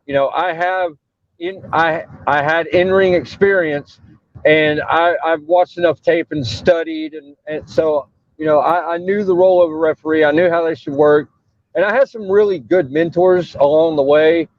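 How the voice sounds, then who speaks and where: A man's voice: on the high side, steady tone, normal speed, no echo, highs cut off. A man, a wrestling referee, talking casually in an interview over a breaking-up mobile call, rambling with lots of fillers and restarts. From Texas. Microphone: phone while traveling.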